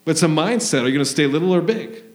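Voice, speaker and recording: Man, pastor, fervent rambling sermon, slightly high voice, echoey church hall. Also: animated, racing. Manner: fervent, rambling, acts out quoted voices in a higher pitch. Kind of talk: sermon with prophetic prayer.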